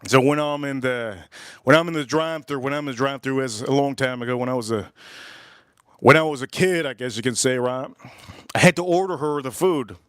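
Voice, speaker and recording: A man's voice: medium pitch, fairly quick, fairly bright tone, smooth, no room sound, studio quality. A man hosting a livestream, casually telling a rambling, laughing story, repeating himself and swearing now and then. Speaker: livestream host.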